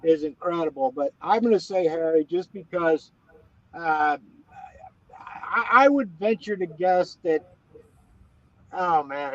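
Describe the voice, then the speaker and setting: A man's voice: high-pitched, dry recording. A middle-aged man from West Virginia, a former ballplayer guesting on a chat show, telling stories in a rambling, folksy way full of restarts. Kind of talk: casual interview chat. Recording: dull, dry lo-fi audio.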